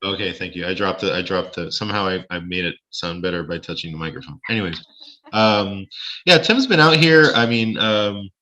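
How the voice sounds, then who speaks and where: Deep-voiced man rambling on a call. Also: animated, brisk, pushed and bright, muffled recording. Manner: chatty, rambling, frequent restarts and joking asides. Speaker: space-tourism lodging owner. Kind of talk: casual live-stream interview.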